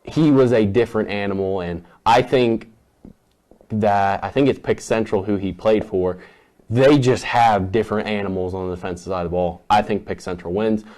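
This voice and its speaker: A man's voice: lowish voice, moderate pace, darkish tone, rough recording. A man hosting a casual sports show, rattling off playoff matchups and confident picks.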